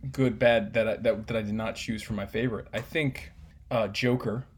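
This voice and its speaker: A man co-hosting a casual chat podcast, swearing, teasing and talking with animated energy. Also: lowish voice, moderate pace, slight background noise. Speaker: podcast co-host.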